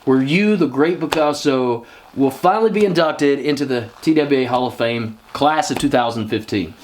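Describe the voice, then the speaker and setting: A man's voice: medium pitch, moderate pace, a little hiss or hum. A man hosting a casual interview, talking eagerly and repeating himself as he gets emotional. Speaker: host.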